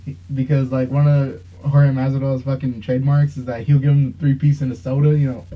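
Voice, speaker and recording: A man's voice: mid-range voice, flat delivery, fairly quick. A young man hosting a podcast, telling a long, rambling story in casual chat with plenty of swearing. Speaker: podcast host. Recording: dull lo-fi sound.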